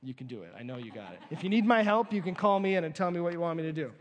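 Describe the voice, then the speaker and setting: A man preaching a sermon, lively and playful, bringing volunteers up to act out the story. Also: fairly high pitch, rapid-fire, lo-fi sound. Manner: lively, playful, lets out small laughs. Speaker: pastor.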